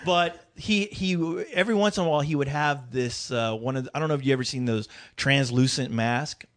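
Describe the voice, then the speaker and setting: A man on a podcast telling a funny story in casual chat. He laughs a lot and swears freely. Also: brisk. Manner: animated, laughing, swears freely, jumps into high voices for quoted people. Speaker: podcast co-host.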